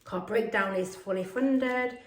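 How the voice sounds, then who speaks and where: A woman from Australia with a croaky, unwell voice, chatting casually to camera as a budgeting vlogger, rambling and full of fillers. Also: fairly high pitch, measured pace. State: croaky from illness. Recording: echoey room.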